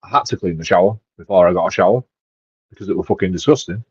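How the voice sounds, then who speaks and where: A man's voice: deep voice, quick pace, slightly rough, dry recording. Man, swearing vlogger rant, dull dry lo-fi sound. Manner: swears heavily, rambling, with restarts and laughs. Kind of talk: casual ranting monologue.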